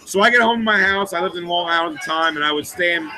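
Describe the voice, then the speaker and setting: High-voiced man telling a profane story. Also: rapid-fire, over music, low-quality recording. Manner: profane, rambling, with restarts. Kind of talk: anecdotal storytelling in a documentary interview.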